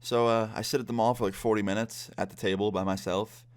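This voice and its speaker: A man's voice: on the low side, steady tone, fast talker. A young man casually telling a story on his vlog, blunt and profane. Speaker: vlogger.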